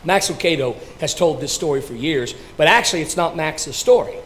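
A man, a pastor, telling a story dramatically before leading communion, swinging between loud and hushed delivery. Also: a little high, a little fast, slight background noise.

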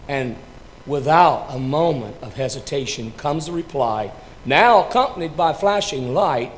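Dramatic preacher, loud then hushed. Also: male voice, on the high side, expressive, a little slow. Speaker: pastor. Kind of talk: sermon storytelling before communion.

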